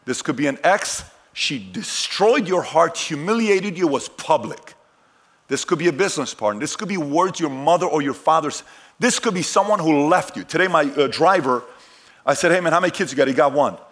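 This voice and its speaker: A middle-aged man telling personal stories in a motivational talk, swinging from hushed lines to shouted ones. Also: a little high, expressive, brisk. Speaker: keynote speaker.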